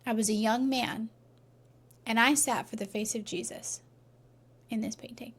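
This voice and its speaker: A woman voicing a remorseful male prisoner quietly confessing, trailing into a near-whisper. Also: a little high, steady tone, a little slow, a little hiss or hum, close to an everyday voice. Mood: confessional.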